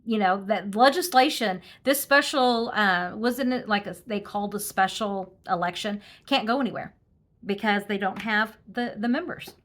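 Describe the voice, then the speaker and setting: Speaking at a normal speed in a fairly bright, mid-range voice, this tarot reader riffs on politics as she pulls cards on camera. She's casual and snarky, laughing often and frequently restarting with ums.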